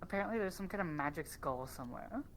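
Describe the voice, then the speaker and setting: A woman's voice: lowish voice, lively intonation, quick pace, a little hiss or hum. A woman chatting in character during a roleplay and asking curious questions.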